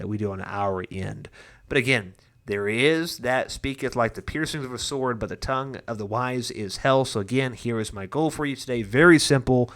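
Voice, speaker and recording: A young adult male pastor talks through a daily devotional in an earnest, conversational way. He tells personal stories and often restarts his sentences. His voice sits at an ordinary middle pitch. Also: fairly bright tone. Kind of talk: devotional Bible talk.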